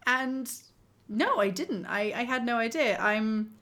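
A woman telling a story in casual chat as a podcast co-host, animated and laughing often. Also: fairly high pitch, moderate pace. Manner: animated, laughing often, acting out quoted lines.

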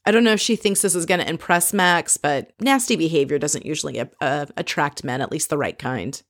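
A woman's voice: sits low, fairly quick, a bit bright. Chatty, sarcastic woman recapping TV. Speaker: reality TV recap host. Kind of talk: casual episode recap.

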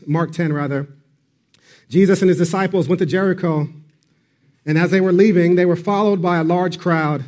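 A man's voice: sits high, darkish tone. A man preaching a sermon, earnest and emphatic, repeating key phrases with occasional fillers. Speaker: pastor.

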